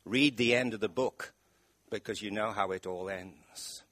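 A man's voice: lowish voice, unhurried, dry recording. Male preacher in church, emphatic, quizzes the congregation, dry mic. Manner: emphatic, rising to loud stresses; asks the congregation questions. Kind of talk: sermon.

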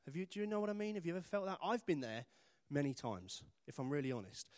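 A man's voice: on the high side, big pitch swings, fast talker, a little mellow, dry recording, studio quality. A man from Britain preaching a sermon in church, chatty and self-deprecating, acting out little voices for humor.

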